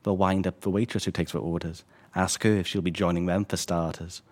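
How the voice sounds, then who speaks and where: Man, author, low voice, measured wry reading. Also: fairly even intonation. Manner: measured, wry, hesitant when answering. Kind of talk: reading his own fiction, then interview answers.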